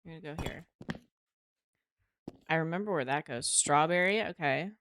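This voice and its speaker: A woman's voice: low-pitched, moderate pace, fairly bright tone, no echo, studio quality. A woman streaming a game live, chatting casually to her viewers, swearing freely and talking to herself as she plays.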